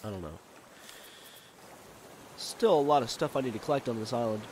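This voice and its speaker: A man's voice: medium pitch, lively intonation, moderate pace, a little mellow, a little hiss or hum. A man casually commenting on a survival video game as he plays, thinking aloud and rambling with fillers. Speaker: gamer. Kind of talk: let's play game commentary.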